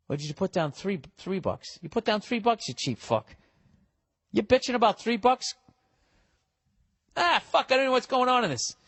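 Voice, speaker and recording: Reading out listener mail, this middle-aged podcast host launches into a loose, foul-mouthed, sarcastic rant and debates himself over specifics. His voice is on the high side and fairly bright, with no echo in the audio.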